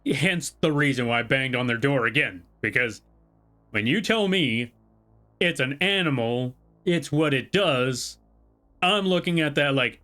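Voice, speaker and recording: A man's voice: mid-range voice, animated, a little slow, pushed and bright, faint music behind. A male streamer in casual livestream chat, rambling and exasperated, often correcting himself mid-sentence. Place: home room.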